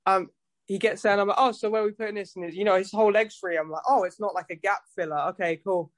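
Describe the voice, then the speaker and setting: A man's voice: high voice, fairly even intonation, fast talker, a bit bright, no echo. A man, a musician guest telling stories in a casual chat, rambling and swearing freely. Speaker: guest musician and tattoo artist.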